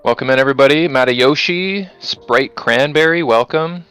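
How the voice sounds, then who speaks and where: A man's voice: mid-range voice, moderate pace, a bit bright, smooth, faint music behind. A young man hosting a casual live stream, upbeat and laughing often as he greets viewers by name. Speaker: stream host.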